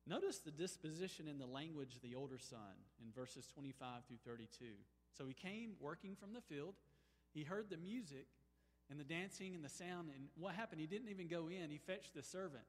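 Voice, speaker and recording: Man, pastor preaching a sermon, emphatic then hushed, fairly high voice, big reverberant hall. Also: expressive, fairly quick. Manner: emphatic, swings from soaring exclamations to hushed pleading.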